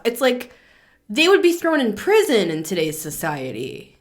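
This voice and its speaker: A woman's voice: a little high, very animated, unhurried, fairly bright tone. A woman giving a casual spoken tarot reading as a channeler, chatty and blunt, with lots of filler words and some swearing.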